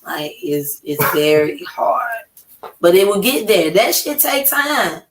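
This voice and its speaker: A woman from Atlanta with an Atlanta Southern accent, talking loudly and emphatically with lots of profanity as a podcast guest in casual chat. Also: mid-range voice, big pitch swings, slow pace. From Atlanta, USA. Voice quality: loud, profane, emphatic delivery. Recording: roomy with faint noise.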